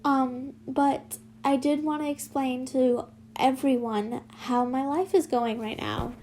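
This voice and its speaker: Slow, high-voiced woman reading fan fiction. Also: fairly even intonation, dark tone, slight background noise. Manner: casual, swears and laughs in asides. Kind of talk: reading fan fiction aloud with chatty asides.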